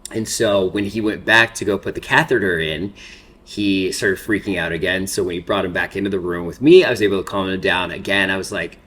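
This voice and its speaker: Low-voiced man in his thirties, rambling. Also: fairly quick, a bit bright. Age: 30s. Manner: rambling, filler-heavy storytelling. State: holding back tears. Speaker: makeup vlogger. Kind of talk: casual get-ready-with-me chat.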